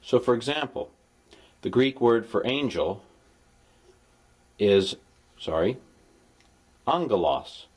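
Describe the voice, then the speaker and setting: A man's voice: medium pitch, expressive, takes it slowly, pauses often, breathy edge. A man recording a language lesson as a tutor, explaining patiently and dropping playful, jokey asides to his students. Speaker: Greek tutor.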